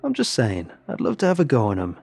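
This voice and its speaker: A man playing a tipsy joker who slurs and teases, his voice husky and gravelly. He sounds loose and cheeky. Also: medium pitch, huge pitch swings, fast, darkish tone, full character voice. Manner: slurring, cheeky. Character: drunk cheeky British man, crude joker.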